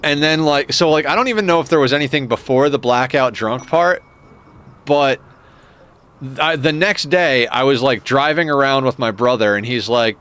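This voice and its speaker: A male streamer of middling pitch chats his way through a game, rambling between tangents and cursing freely. He chuckles often and talks into a desk mic at home in an easy, loose manner. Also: moderate pace, fairly bright tone, clear, resonant tone. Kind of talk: casual live-stream game commentary.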